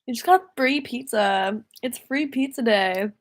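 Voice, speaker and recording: Slow-talking, rambling young woman singer. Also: a little high. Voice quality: rambling, easily distracted, laughing often. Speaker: singer-songwriter. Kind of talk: casual livestream chat.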